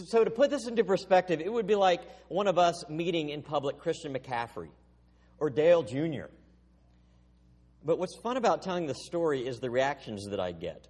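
A middle-aged man preaching a sermon, telling a story in an animated way before teaching from scripture. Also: a little high, breathy edge, big-room sound. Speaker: pastor.

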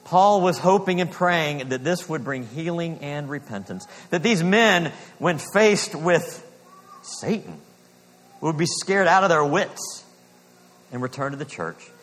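A man delivers a sermon from the pulpit, earnest and deliberate. His voice sits a little above the usual male range, and he slows down or sinks to a near-hush on the lines he wants to land. A long hall reverb rings after his words. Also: fairly high pitch, lively intonation. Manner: earnest preaching, slows for emphasis, drops to a hush on key lines. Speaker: pastor.

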